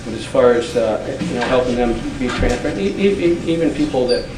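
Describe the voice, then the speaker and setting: Halting man answering from far off. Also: mid-range voice, lively intonation. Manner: halting, repeats words often. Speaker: town board candidate. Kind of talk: unscripted forum answer. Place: public meeting hall. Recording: roomy hall, far from mic, noisy.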